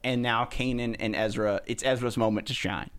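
A man's voice: medium pitch, normal speed, clean tone. A man hosting a fan after-show, casually recapping an episode and acting out lines with a laugh. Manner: animated retelling, acts out quoted lines with a laugh.

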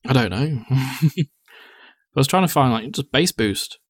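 A man's voice: medium pitch, animated, slow, no room sound, studio quality. A young man, co-hosting a casual podcast chat, talkative and swearing freely. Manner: chatty, swears casually, acts out quotes. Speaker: podcast co-host.

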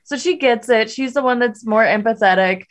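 A woman's voice: a little high, moderate pace. A woman producer chatting casually as a podcast guest, laughing often and swearing now and then.

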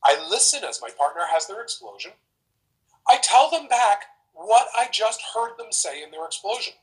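A man with a slightly higher voice talks through relationship advice in a relaxed, explanatory way. He is animated and often slips into acting out short example dialogues to make his point. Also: moderate pace, rough recording. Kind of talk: casual explanatory talk.

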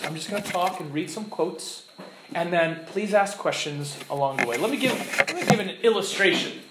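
A man teaching a class in a lively, illustrative way, acting out quotes and examples as he explains. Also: sits high. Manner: animated, illustrative, acts out quotes. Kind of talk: classroom lecture. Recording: echoey room with faint background noise.

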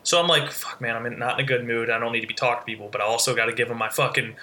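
Man, podcast co-host, very bright tone, casual swearing storyteller. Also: medium pitch, steady tone, very fast. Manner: storytelling, heavy swearing, lots of fillers. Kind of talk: casual chat.

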